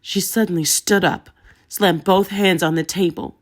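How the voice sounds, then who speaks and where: A woman narrating a story in a steady, even reading. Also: lowish voice, takes it slowly. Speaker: audiobook narrator.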